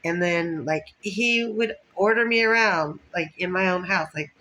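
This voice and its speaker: Woman vlogger, casual storyteller, rambling and foul-mouthed, quick laughs, faint noise behind. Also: fairly low pitch, bright, forceful tone, poor audio. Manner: rambling, profane, laughs often. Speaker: vlogger telling stories.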